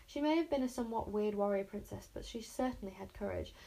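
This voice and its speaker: A woman narrating a children's storybook aloud in an expressive, clearly paced reading voice. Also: medium pitch, quick pace. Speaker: audiobook reader.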